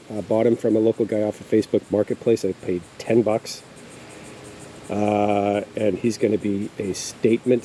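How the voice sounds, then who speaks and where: Outdoors in his backyard garden, a man with a fairly low, warm voice gives a rambling, casual walking tour full of hesitations and fillers. Faint insects buzz in the background of the rough recording.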